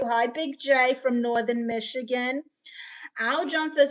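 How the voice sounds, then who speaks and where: A woman's voice: on the high side, moderate pace. A woman in a casual live stream, playfully reading viewer comments aloud and riffing on them.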